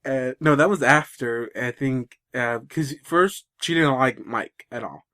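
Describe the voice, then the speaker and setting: A man's voice: medium pitch, a little slow, pushed and bright. A man co-hosting a casual podcast, retelling a story in a rambling way with many restarts. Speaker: podcast co-host.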